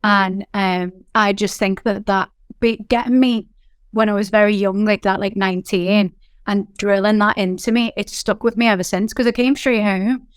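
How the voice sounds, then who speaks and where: A woman in her thirties with a Liverpool accent, a company founder telling her story in a candid interview, animated and full of fillers. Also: medium pitch, normal speed, clear, resonant tone, no room sound, studio quality. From England.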